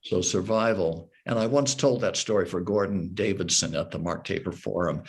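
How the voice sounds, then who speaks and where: A man in his sixties from Hawaii, an actor telling anecdotes in an interview, lively and full of restarts. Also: low-pitched, moderate pace. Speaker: actor, guest. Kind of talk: casual interview storytelling.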